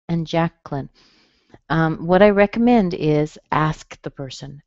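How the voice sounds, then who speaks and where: In a pronunciation webinar, a low-voiced, somewhat mellow woman exaggerates her articulation, slowly and carefully modeling word stress. The sound is flat and dry, free of any echo.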